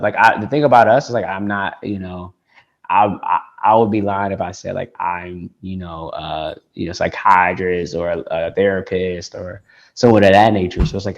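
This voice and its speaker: A man from Detroit, United States, a tech founder, talks casually in an interview, rambling with many restarts and plenty of "like." His voice sits low with vocal fry, and the call audio is dull and lo-fi.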